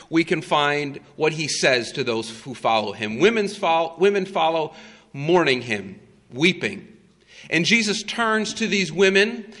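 A male preacher retelling a story in a sermon, dramatic and emphatic with long pauses. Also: on the high side, fairly bright tone, in a large hall.

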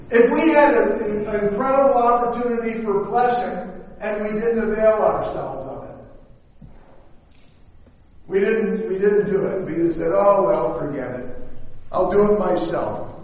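A man preaching a sermon in a conversational way that rises to shouts. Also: very high-pitched, far from the mic. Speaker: pastor. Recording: echoey hall, dull sound.

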